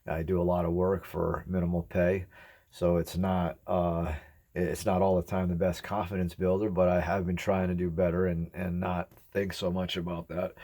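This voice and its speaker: A man in his forties, an ASMR YouTuber, speaks to camera in a low, slightly mellow voice, eating as he goes. His talk is casual and reflective, rambling but earnest as he addresses his viewers.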